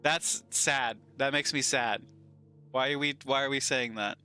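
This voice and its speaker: A man's voice: medium pitch, steady tone, unhurried, bright, forceful tone, clean tone, soft background music. A man with a Southern US accent streaming a game, reading chat aloud and bantering playfully.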